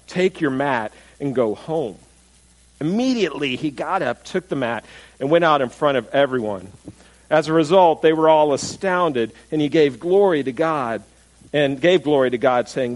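A man's voice: a little high, rough recording. A man preaching a sermon, retelling a scripture story in a conversational way, asking his listeners questions and acting out what the crowd says. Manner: animated storytelling, acts out crowd voices; conversational, asks the audience questions. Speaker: pastor.

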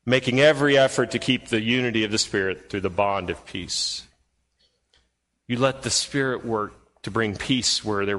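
A male pastor preaching to his church, mid-pitched and punchy, leaning on rhetorical questions and dropping low and quiet for weight. His voice rings out with a long reverb from a large hall. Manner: emphatic, rhetorical questions to the congregation; swings from loud and high to low and quiet. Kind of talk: sermon. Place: church sanctuary.

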